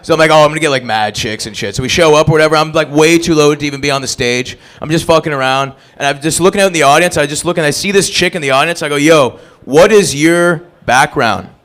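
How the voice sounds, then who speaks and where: A man's voice: on the high side, rapid-fire, hardly any pauses, a bit bright, clear, resonant tone. A man hosting an open mic comedy night, working the crowd with crude, profane banter on a club stage.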